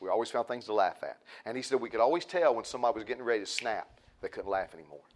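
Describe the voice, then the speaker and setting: A man's voice: lowish voice, expressive, very fast. A man preaching a sermon in a folksy, repetitive way, building emphasis.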